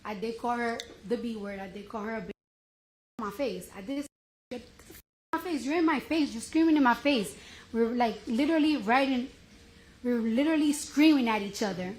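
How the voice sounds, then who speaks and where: A woman's voice: a little high, brisk, a little mellow. A woman testifying on the witness stand, casually and animatedly retelling a heated argument and acting out her own lines. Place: courtroom. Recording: echoey courtroom feed with hiss.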